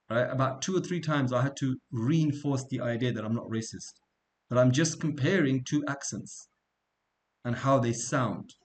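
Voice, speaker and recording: A man from England lecturing a small class with a mid-range voice. He talks loosely and off the cuff, drifts into asides and checks in with the room with questions like "right?". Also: medium pitch. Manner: conversational, digressive, asks the class questions. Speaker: religious studies teacher.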